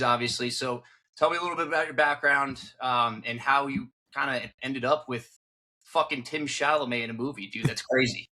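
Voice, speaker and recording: A man's voice: mid-range voice, sharp tone. A young man hosting a podcast, loose and swearing in casual chat. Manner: loose, swearing, enthusiastic host. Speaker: podcast host.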